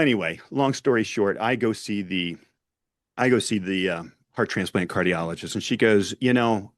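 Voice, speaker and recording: Low-voiced man telling his story. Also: no echo, studio quality. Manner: earnest storyteller, acts out dialogue. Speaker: podcast guest. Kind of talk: personal story in an interview.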